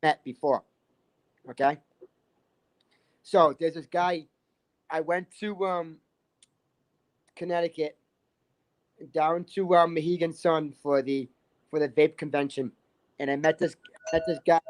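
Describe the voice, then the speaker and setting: A man's voice: a little high, fairly even intonation, a little slow, long pauses. A man telling a rambling story in casual chat, restarting phrases and filling with "like". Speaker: livestream guest.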